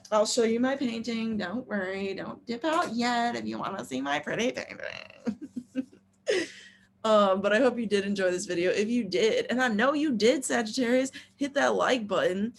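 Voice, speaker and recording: A woman astrologer giving a casual, slangy horoscope reading while she paints. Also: a little high.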